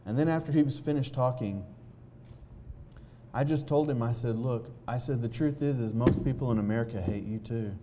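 A man telling a personal testimony to a live audience in an earnest, halting way, often restarting his sentences. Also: medium pitch, noisy background. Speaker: speaker sharing a personal testimony.

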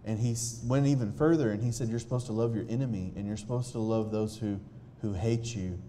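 A man tells his own story to an audience. His voice sits low and warm. He talks earnestly and haltingly, restarting sentences, and a faint noise floor hums beneath the recording. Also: fairly even intonation. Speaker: speaker sharing a personal testimony.

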